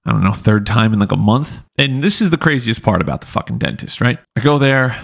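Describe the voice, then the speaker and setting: A man's voice: fairly low pitch, expressive, brisk, creaky, few pauses. A man hosting a podcast, telling a rambling, profane story in casual chat full of fillers. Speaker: podcast host.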